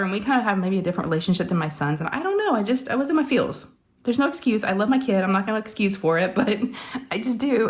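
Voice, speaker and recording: A middle-aged woman hosting a crafting channel, telling a family story in casual, rambling, heartfelt chat with lots of fillers and restarts. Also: lowish voice. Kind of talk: casual chatty storytelling to viewers.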